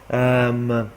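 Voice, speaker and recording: A medium-pitched male voice comes with a little hiss or hum, and game music plays behind it. He's streaming a game live, talking himself through it and greeting chat.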